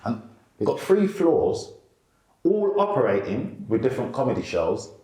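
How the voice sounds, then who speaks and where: A middle-aged male stand-up comedian, telling animated stories in a casual interview. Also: moderate pace, reverberant. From England. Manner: animated, lively storyteller who jumps up in pitch for quotes.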